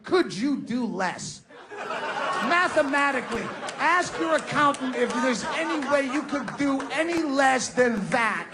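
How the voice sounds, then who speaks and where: A man's voice: extremely high pitch, expressive, unhurried, background noise. A man doing a profane, sarcastic stand-up rant in front of a live audience. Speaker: stand-up comedian. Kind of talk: stand-up comedy set. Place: live comedy venue with audience. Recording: live stage recording with crowd.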